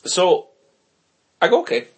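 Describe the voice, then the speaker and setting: A man with a hoarse, worn-out voice, chatting casually as a podcast co-host and telling stories with lots of laughter and swearing. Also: measured pace. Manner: animated storyteller, laughs often, swears freely. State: hoarse, voice going. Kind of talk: casual chat.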